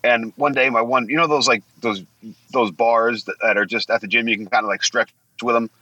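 A man's voice: mid-range voice, fairly even intonation, brisk, pushed and bright, no room sound, dull audio. A man in his forties telling stories bluntly, swearing a lot and acting out what people said. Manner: blunt, swears often, acts out quotes. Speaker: guest. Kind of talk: casual profane storytelling.

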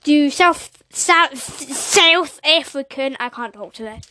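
A woman's voice: high voice, slow pace, bright, forceful tone. A woman hosting a casual chat, offhand and giggly, often trailing off. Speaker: host.

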